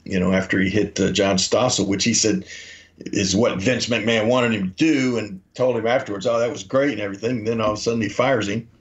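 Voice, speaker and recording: A man's voice: on the low side, fairly even intonation, fairly quick. A man, a podcast co-host telling rambling anecdotes and acting out the quotes in them. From Memphis, Tennessee. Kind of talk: casual storytelling. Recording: dull lo-fi audio.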